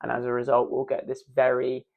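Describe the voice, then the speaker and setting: A man's voice: medium pitch, monotone, fairly quick, gravelly. Playful man coaching voice and breath. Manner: playful, demonstrative, self-mocking asides. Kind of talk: instructional video.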